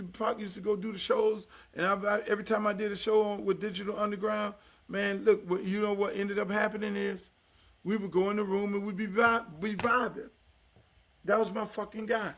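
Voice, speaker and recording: Older male podcast host, high bright voice, loud profane monologue with low asides. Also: flat delivery, normal speed. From Miami, United States. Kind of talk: casual profane talk-show monologue.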